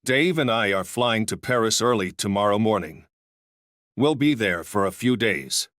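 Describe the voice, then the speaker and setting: A man reading the lines of an apologetic wife who is leaving her husband, in his usual even narrating voice. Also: on the low side, normal speed, no echo, clean studio sound. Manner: evenly read, little change from narrator.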